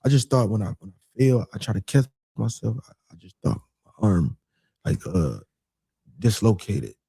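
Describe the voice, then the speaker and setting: A man with a gravelly, husky voice tells a long story in a relaxed, casual way. He jumps up into other people's lines as he acts them out, and he keeps repeating phrases. His voice sounds close and dry. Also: lowish voice, moderate pace, no echo. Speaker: guest telling a personal story.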